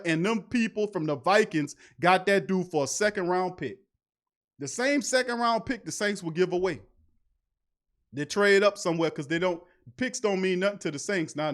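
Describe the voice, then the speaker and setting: A man's voice: high voice, a bit bright. A man hosting a fan sports talk show, ranting in casual slang, firing off rhetorical questions and laughing mockingly at his team's front office. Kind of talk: fan sports commentary rant.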